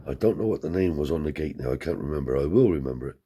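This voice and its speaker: Bloke telling a swear-heavy story, real low mellow voice, does the other people's lines higher. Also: male voice, expressive, racing, slight background noise. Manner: rambling, profane, lifts his voice to act out quoted people. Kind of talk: casual anecdote telling.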